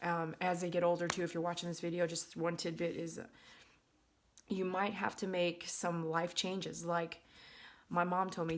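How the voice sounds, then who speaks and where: A woman's voice: on the low side, fairly even intonation, normal speed, a little hiss or hum. A woman, vlogging from her bedroom in a chatty, rambling way, full of fillers and restarts. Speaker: dog groomer and channel host. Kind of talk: casual vlog storytelling. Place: bedroom at home.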